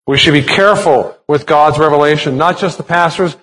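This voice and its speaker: A man's voice: a little high, brisk, fairly bright tone. A man preaching a sermon as a pastor, explaining a text step by step and asking rhetorical questions. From United States.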